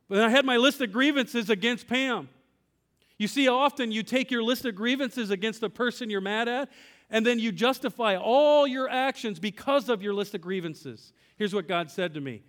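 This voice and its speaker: High-voiced pastor preaching in a hall. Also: male voice, brisk, fairly bright tone. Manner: storytelling, quoting God in dialogue; asks the congregation direct questions. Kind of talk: sermon.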